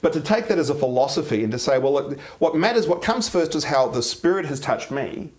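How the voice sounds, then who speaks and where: A middle-aged man, talking casually as an interview guest, animated and quick to act out quoted voices and laugh. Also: on the high side.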